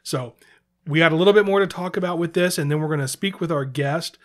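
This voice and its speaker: A man's voice: fairly high pitch, fast, fairly bright tone. A man co-hosting a podcast in casual chat, rambling and correcting himself, laughing easily. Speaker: podcast co-host.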